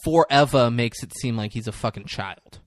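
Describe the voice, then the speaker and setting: A man's voice: mid-range voice, moderate pace, dry recording, clean studio sound. A man co-hosting a podcast, casually retelling a film scene by scene and acting out the lines. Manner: animated retelling, acting out lines, laughs often. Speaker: podcast co-host recapping a movie. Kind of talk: casual chat.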